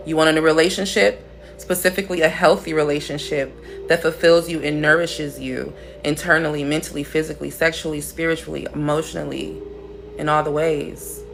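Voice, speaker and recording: A woman's voice: low voice, gravelly. A woman hosting a casual spiritual livestream, talking in a blunt, profane, playful way.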